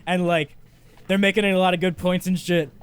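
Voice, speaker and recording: A man hosting a podcast in casual chat, high on weed, rambling and ranting with lots of swearing. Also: steady tone, moderate pace, smooth. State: stoned. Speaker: podcast host.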